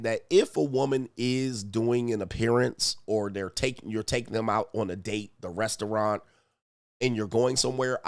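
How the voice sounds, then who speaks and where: Animated man reacting to a clip. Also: mid-range voice, no room sound, clean studio sound. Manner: animated, profane, laughing asides. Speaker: commentary channel host. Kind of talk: casual reaction commentary.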